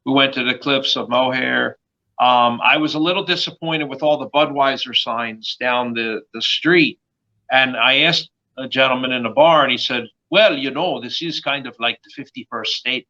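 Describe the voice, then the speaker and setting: A man with a Northern US accent hosts a podcast interview and tells a lively story in a chatty way. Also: mid-range voice. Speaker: podcast host. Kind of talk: casual interview chat. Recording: dull lo-fi sound.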